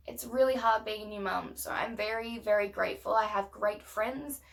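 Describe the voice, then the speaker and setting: A woman's voice: mid-range voice, unhurried, gravelly. A young woman venting in a casual rant to camera, blunt and swearing often, emphatic and heated. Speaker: vlogger.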